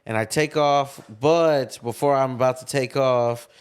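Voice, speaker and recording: A man's voice: mid-range voice, measured pace, clear, resonant tone. A young man co-hosting a casual talk show, telling a story with lots of swearing and acted-out quotes, recorded in a parked car. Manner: animated storyteller, acts out quotes, swears freely. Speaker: podcast co-host.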